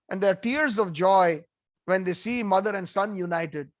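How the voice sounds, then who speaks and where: A man giving an animated devotional storytelling talk with conversational asides. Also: sits high, moderate pace, no echo. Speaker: devotional speaker.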